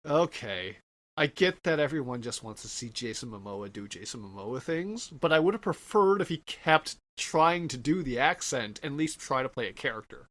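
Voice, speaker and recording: A man's voice: medium pitch, animated, normal speed, a bit bright. A man co-hosting a casual movie review podcast, agreeing often and ranting animatedly. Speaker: podcast co-host.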